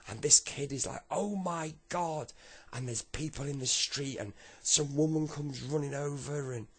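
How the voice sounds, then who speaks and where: A man telling a long comic story, animated and acting out its characters. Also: mid-range voice, moderate pace, husky. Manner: animated, acts out the voices.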